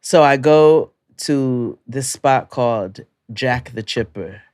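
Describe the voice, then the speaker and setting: A man's voice: mid-range voice, slow, a little mellow, clear, resonant tone, no room sound, clean studio sound. A man co-hosting a podcast, telling stories in casual chat and laughing often through them. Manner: storytelling, laughing often through his own anecdotes. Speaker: podcast co-host.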